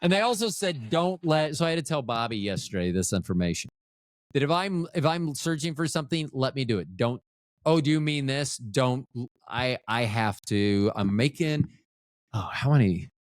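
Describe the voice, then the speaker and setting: A man's voice: mid-range voice, sing-song, moderate pace, no echo, studio quality. A middle-aged man recovering from a stroke, hosting a podcast in a rambling, profane, self-interrupting monologue that often loses its thread. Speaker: podcast host.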